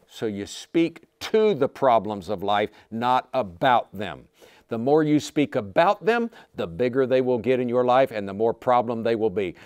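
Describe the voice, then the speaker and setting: Man, preacher, sermon, lively swooping voice, dry close sound. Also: medium pitch, no echo. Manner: animated, acts out quotes with sudden shouts and laughs.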